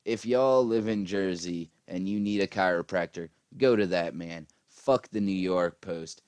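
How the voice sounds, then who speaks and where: A man's voice: low voice, unhurried, a little mellow, clear, resonant tone, no room sound. A man ranting casually about politics, profane and rambling with lots of fillers, tired after a long day. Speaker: political commentary vlogger.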